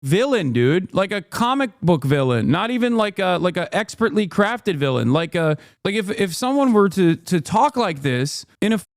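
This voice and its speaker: A man's voice: high voice, big pitch swings, normal speed, few pauses, no echo, studio quality. A man streaming political commentary, angry and ranting, swearing and repeating himself as he builds up. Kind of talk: heated live-stream commentary.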